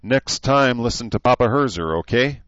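A man's voice: medium pitch, lively intonation, moderate pace, a bit bright, dry recording, pitched above the performer's own voice, close to an everyday voice. A man doing a wry easygoing young recruit leader. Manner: dry, joking. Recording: dull lo-fi dry audio.

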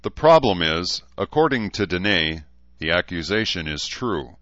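Grave, weary commander, read by a man; stony and measured, low voice, dry. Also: very animated, a bit bright, no room sound, dull audio.

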